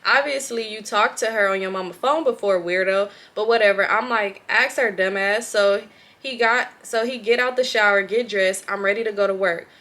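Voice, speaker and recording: A young woman with a Southern Californian accent, a vlogger reading a viewer's story aloud with lots of profanity and animated reactions. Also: mid-range voice, normal speed.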